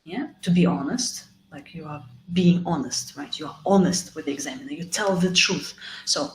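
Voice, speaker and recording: A woman teaching an online exam-prep lesson, modelling sample answers with lively, exaggerated intonation. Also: low voice, moderate pace, roomy sound, a little hiss or hum, poor audio. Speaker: IELTS teacher.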